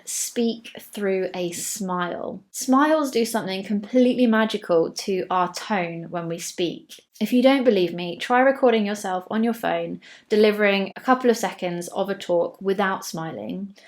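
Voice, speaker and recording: An English woman with a mid-range voice presents public speaking tips to camera. Her scripted delivery is clear and measured, slowing down for each key tip.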